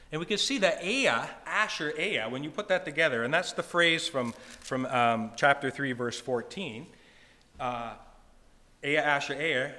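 A man giving a sermon with a Hebrew word study, slowing down and lifting his voice to read scripture aloud. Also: mid-range voice, bright, forceful tone, big-room sound. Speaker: preacher.

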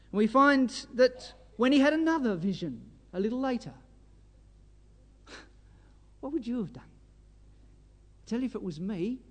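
In an unusually high voice, a man preaches a sermon with fervour, exhorting his listeners and hammering his points home with rhetorical questions. Every phrase trails off into a long hall reverb.

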